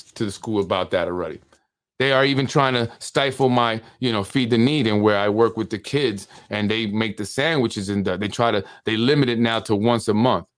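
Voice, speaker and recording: A man hosting a political podcast, talking casually and reading text messages aloud, with frequent restarts. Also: lowish voice. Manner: conversational, repeats words and restarts, reads messages aloud. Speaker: podcast host.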